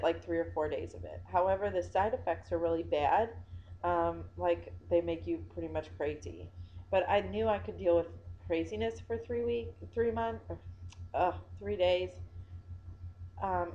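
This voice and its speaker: A woman's voice: lowish voice, warm tone, lo-fi sound. A tired young woman vlogging casually, rambling with many fillers and restarts. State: yawning, tired. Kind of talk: casual personal vlog.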